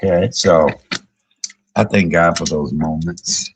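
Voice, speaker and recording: A middle-aged man, a comedian, telling profane, joking stories on a casual livestream and jumping high in pitch when he quotes people. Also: slow pace, a little hiss or hum, poor audio. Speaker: comedian and YouTube cook.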